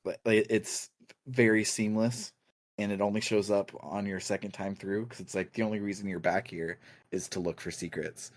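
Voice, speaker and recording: A man co-hosting a podcast, chatting casually about video games in a relaxed, rambling way and laughing often. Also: on the low side, normal speed, dry recording. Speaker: podcast co-host.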